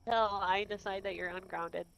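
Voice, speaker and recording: A woman's voice: fairly low pitch, level tone, normal speed, gravelly, fairly bright tone, poor audio. A woman streaming a game in casual chat, teasing and swearing a lot.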